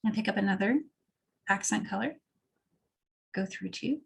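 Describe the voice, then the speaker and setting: Husky woman teaching a craft step by step. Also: mid-range voice, moderate pace. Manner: relaxed, chatty, explains as she works. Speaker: craft instructor.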